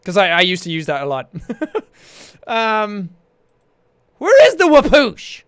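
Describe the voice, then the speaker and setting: A man hosting a casual livestream, chatting in a jokey, excitable way, with bursts of shouting and laughter. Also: sits high, unhurried, clean tone, no echo, studio quality. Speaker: livestream host. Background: faint background music.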